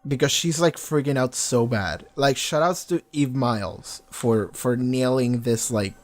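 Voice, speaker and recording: A man at an ordinary mid pitch, chatting through his reaction to a TV episode. He rambles and circles back, leaning on fillers and casual swearing as he talks. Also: unhurried. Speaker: TV reaction vlogger. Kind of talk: casual spoken reaction and discussion.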